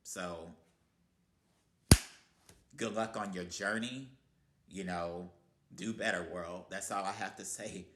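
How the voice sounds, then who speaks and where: A man's voice: low-pitched, takes it slowly, long pauses, bright, forceful tone, echoey room, slight background noise. A man giving a blunt, heated motivational rant to camera, swearing constantly. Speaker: vlogger.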